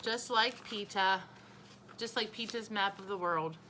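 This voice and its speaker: A woman's voice: mid-range voice, unhurried, bright, forceful tone, slight background noise. A woman reading aloud and voicing a mischievous little boy who wheedles in a sing-song voice. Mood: playful.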